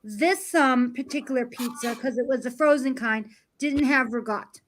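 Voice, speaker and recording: Chatty high-voiced woman. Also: normal speed, background noise. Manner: chatty, explains things. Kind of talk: casual group chat.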